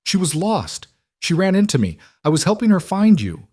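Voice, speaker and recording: A man's voice: mid-range voice, sing-song, normal speed, a little mellow, no room sound, clean studio sound. A man voicing a desperate single father who pleads in a panic to be believed. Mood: pleading.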